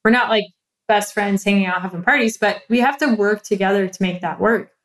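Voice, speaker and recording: A young woman speaks as an interview guest, telling a personal story in a candid, animated way. Her voice sits in a middle pitch, and she breaks into laughs as she talks. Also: brisk.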